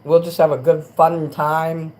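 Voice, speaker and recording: A man hosting a casual late-night livestream, rambling and crude, dropping to mutters and then rising into loud rants. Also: on the high side, little pitch movement, unhurried, rough recording. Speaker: livestream host.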